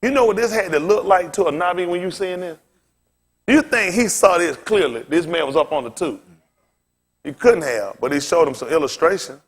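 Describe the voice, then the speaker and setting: A man leads a scripture lesson in a casual preaching style. His voice sits a little high, and he keeps pressing his listeners with rhetorical questions. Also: moderate pace. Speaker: pastor teaching a Bible lesson. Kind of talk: informal sermon-style teaching.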